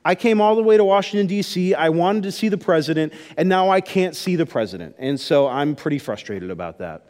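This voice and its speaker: A man's voice: fairly high pitch, lively intonation, brisk, hardly any pauses, a little mellow, long reverb tail, lightly acted. A man voicing a dejected, annoyed soldier in a spoken story. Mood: frustrated.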